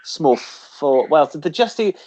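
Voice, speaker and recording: A man's voice: fairly high pitch, very animated, a little slow, a little mellow, muffled recording. A man co-hosting a casual car chat show from a home studio, rambling and joking, now and then putting on silly voices. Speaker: co-host.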